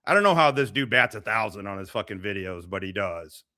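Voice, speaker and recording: A man's voice: on the low side, fairly quick. A man hosting a casual reaction stream, cursing freely and laughing often as he comments on clips. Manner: profane, laughs often, animated.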